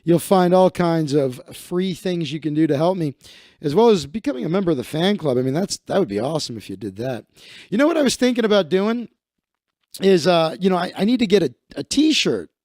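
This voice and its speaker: A man hosts a comedy livestream, rambling and mocking himself in a casual monologue. His voice sits high and swings widely in pitch. He speaks close to a streaming mic in a dry room. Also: sing-song, fairly quick, darkish tone, no room sound. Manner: rambling, self-mocking, laughing at own jokes.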